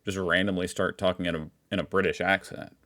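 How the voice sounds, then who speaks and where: A man's voice: deep voice, little pitch movement, fairly quick, a bit bright. An American man hosting a reaction video, making wry, joking asides. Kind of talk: casual reaction commentary.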